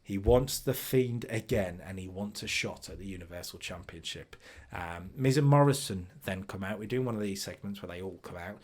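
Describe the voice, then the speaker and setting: A man's voice: low voice, moderate pace, darkish tone. A man casually talking through a wrestling booking game, recapping each segment and reading out its ratings. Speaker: streamer booking a wrestling sim.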